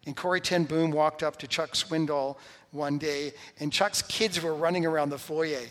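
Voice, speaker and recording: A man's voice: on the high side, fairly even intonation, normal speed, fairly bright tone. A man preaching a sermon as pastor in a church, stressing points by repeating key phrases. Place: church sanctuary. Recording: long reverb of a large hall.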